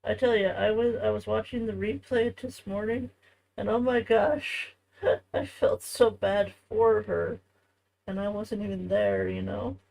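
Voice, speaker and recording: Working on a craft during a home live stream, a woman talks casually with viewers at a measured pace. Her mid-range voice has vocal fry and a slightly mellow quality, and the recording quality is low.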